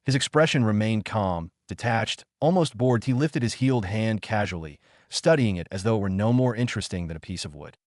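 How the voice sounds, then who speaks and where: A man narrating a fantasy story in a steady, even storytelling manner. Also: on the low side, fairly quick, no room sound, clean studio sound. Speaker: audiobook narrator.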